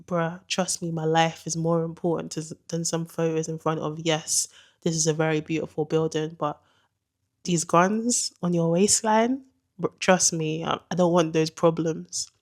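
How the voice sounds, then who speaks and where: Animated young woman, low voice. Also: measured pace. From England. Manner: animated, slangy, dramatic retelling. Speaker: vlogger. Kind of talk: storytime narration.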